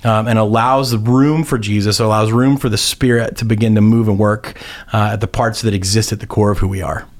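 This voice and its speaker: A man's voice: lowish voice, steady tone, a little fast. A man, a pastor, talking through a Bible passage in casual conversation, often restarting sentences and acting out the characters' lines. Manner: rambling, many restarts and fillers, acts out quotes.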